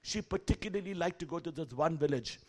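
Animated man preaching a story. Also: a little high, fast talker. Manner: animated, acts out dialogue. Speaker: guest preacher. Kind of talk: sermon storytelling. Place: church sanctuary.

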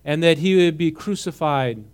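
With a clear, resonant voice that runs a little high, a man preaches at normal speed. Teaching a Bible passage, he blends scripture reading with his own remarks and animatedly quizzes the congregation throughout.

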